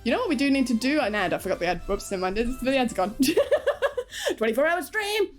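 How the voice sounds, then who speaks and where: A woman's voice: on the high side, huge pitch swings, fairly quick, faint music behind. A young adult woman streaming live, chatting casually with her viewers, giggling often and swearing freely as she rambles.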